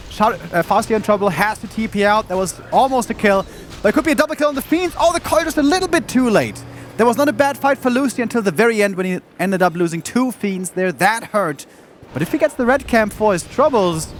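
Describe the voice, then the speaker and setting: A man commentating a live strategy game match, calmly explaining play and tactics. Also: high voice, slight background noise. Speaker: esports commentator. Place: event studio.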